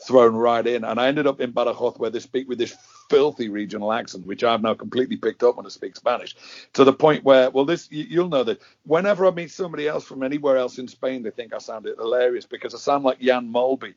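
Husky host on dry, dull audio. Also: male voice, medium pitch, fairly even intonation, darkish tone, no room sound. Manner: chatty, self-deprecating, brisk asides. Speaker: podcast host. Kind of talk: casual conversation.

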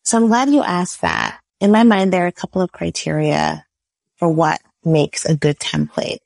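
A woman's voice: on the low side, wildly swooping pitch, normal speed, creaky, darkish tone, no room sound. A woman who is a business lawyer, explaining legal ideas on a podcast with everyday analogies and frequent "right?" checks. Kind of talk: podcast interview.

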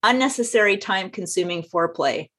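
A woman's voice: mid-range voice, expressive, a little fast, a bit bright, breathy edge. A woman co-hosting a podcast who also teaches yoga, reading slang definitions aloud and adding dry remarks in casual chat. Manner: reads terms out, dry remarks.

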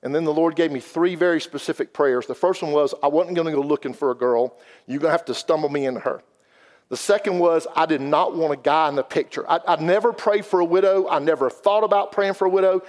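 Folksy man giving testimony. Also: sits high. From South Carolina. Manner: folksy, earnest storytelling. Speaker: guest speaker at a church. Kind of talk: personal testimony. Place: church sanctuary. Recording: long hall reverb.

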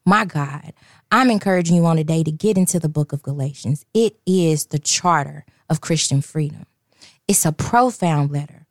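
A woman's voice: low voice, no echo, clean studio sound. A woman co-hosting a faith podcast, exuberant and preacherly, reading scripture and encouraging listeners. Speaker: podcast co-host.

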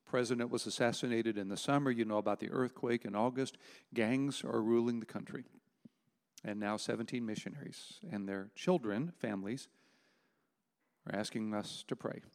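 A man preaching a sermon, emphatic, with dramatic pauses on key words. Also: fairly low pitch, darkish tone, big-room sound. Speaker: pastor.

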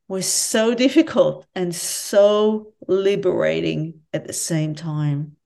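A woman in a conversational interview, with a voice pitched a little on the low side. She talks earnestly and reflectively as an author and professor, speaking openly about personal struggle. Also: takes it slowly, gravelly, hardly any pauses, mellow.

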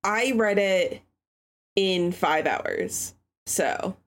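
A woman co-hosting a podcast in casual chat, giggly and halting. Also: medium pitch, animated. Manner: giggly, halting, lots of fillers. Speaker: podcast co-host.

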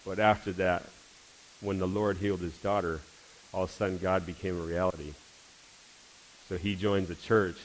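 Low-voiced man. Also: flat delivery, moderate pace, pauses often, slight background noise, rough recording. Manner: storytelling, acting out dialogue. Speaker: church speaker giving a testimony. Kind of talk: testimony sermon.

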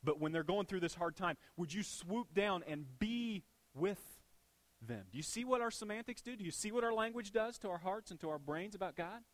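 A man preaching a sermon in a conversational way, asking rhetorical questions and moving between hushed, intimate lines and emphatic ones. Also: high voice, expressive, fairly quick, dry recording. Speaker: pastor.

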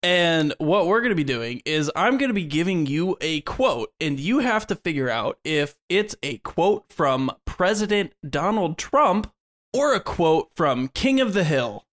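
Man, podcast co-host, casual chat, playful, jokey, slightly high voice. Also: very animated, a little slow, few pauses, fairly bright tone. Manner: playful, joking, laughs often. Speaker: podcast co-host running a quiz game.

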